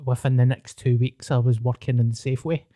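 A man's voice: medium pitch, little pitch movement, a little fast, warm tone, no room sound. Scottish man, dry close sound. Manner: storytelling, swearing, laughing often. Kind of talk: casual chat.

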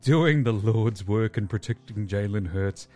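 A podcast host with an Australian accent chats casually about sports, jokey and fast, full of fillers. His voice is fairly low with a darkish tone, and faint music sits behind him.

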